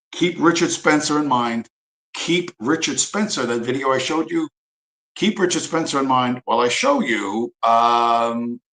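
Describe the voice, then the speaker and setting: A man's voice: medium pitch, sharp tone, reverberant, rough recording. A man hosting a livestream, ranting casually in a profane, rambling, sarcastic way. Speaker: livestream host.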